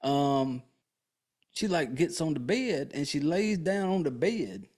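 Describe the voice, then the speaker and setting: A man's voice: fairly high pitch, very animated, takes it slowly, darkish tone. A man hosting a podcast, recapping a film in a casual, profane, joking way with lots of fillers. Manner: rambling, crude and joking, with many fillers. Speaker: podcast host.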